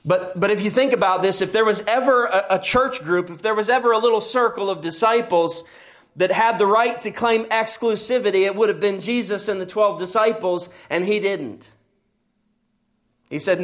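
A man's voice: sits high, normal speed, a bit bright. A middle-aged man preaching a sermon as pastor, telling stories and pressing his points with emphasis. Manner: storytelling, emphatic with rising passages.

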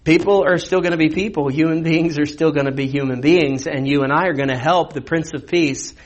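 A man's voice: on the high side, fairly even intonation, brisk. A man preaching a verse-by-verse sermon in a conversational teaching manner, posing rhetorical questions. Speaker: pastor. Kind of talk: expository sermon.

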